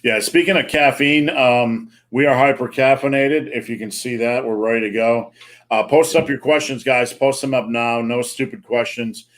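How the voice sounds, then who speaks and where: A man's voice: medium pitch, steady tone, moderate pace, a bit bright. A man hosting a live online Q&A, chatting casually and joking, with plenty of fillers. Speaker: host. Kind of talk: live-stream Q&A chat.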